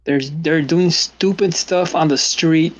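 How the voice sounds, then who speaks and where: A man's voice: a little high, fairly even intonation, takes it slowly. Man with a rambling, repetitive chat. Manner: rambling, repeats words, quotes people in exclaiming voices. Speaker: stream host. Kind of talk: casual chat. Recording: dull lo-fi stream audio.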